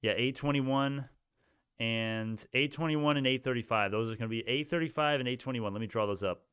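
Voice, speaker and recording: A man's voice: medium pitch, fairly quick, a bit bright, clear, resonant tone, dry recording, clean studio sound. A young man hosting a casual stock livestream, ranting heatedly at his chat with many restarts.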